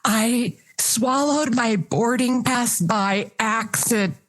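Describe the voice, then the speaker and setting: A woman's voice: fairly high pitch, slow. A woman playing a frantic woman traveler who rambles out excuses to a border officer. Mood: panicked. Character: panicky woman traveler with a tiger.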